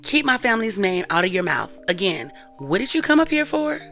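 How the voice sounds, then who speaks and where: A woman's voice: medium pitch, big pitch swings, brisk, a bit bright, soft background music, pitched above the performer's own voice. A woman recounting a sassy, defensive young woman.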